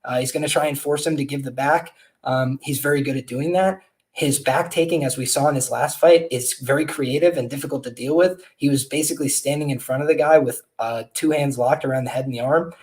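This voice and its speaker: A man hosting a podcast, giving casual, rambling betting analysis of upcoming fights with frequent fillers and restarts. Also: fairly high pitch. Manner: conversational, many fillers and restarts. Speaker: podcast host and fight handicapper.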